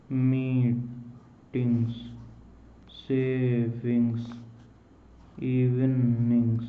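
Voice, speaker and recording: A man teaching shorthand, reading words slowly and repeating each one twice, sometimes spelling out the letters. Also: mid-range voice, a little hiss or hum. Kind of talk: slow dictation of shorthand words. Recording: echoey room on a tinny phone-like mic.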